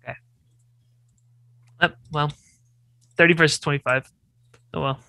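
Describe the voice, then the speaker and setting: A woman's voice: deep voice, fairly even intonation, measured pace, vocal fry, bright, forceful tone, no room sound. A woman playing a tabletop game, giggly and carefree. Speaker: player. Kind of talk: casual tabletop play.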